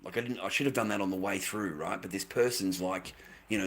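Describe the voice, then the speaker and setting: A man's voice: lowish voice, a little fast. A middle-aged man ranting to a live chat, exasperated, swearing and repeating himself. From Australia. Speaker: livestreamer.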